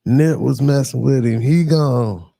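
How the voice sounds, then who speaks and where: A man chats loosely on a reaction stream, drawling through slang and filler words. His voice sits low with a gravelly fry and a dark, mellow tone. The sound is dry and close. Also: a little slow, no echo. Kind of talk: casual livestream reaction talk.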